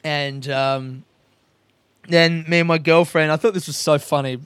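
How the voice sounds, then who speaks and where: A man's voice: on the high side, fairly even intonation, measured pace, a bit bright, clear, resonant tone, dry recording. A young man, telling a rambling, self-mocking story as a comedian in casual chat, swearing freely and acting out the dialogue. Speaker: stand-up comedian, podcast host.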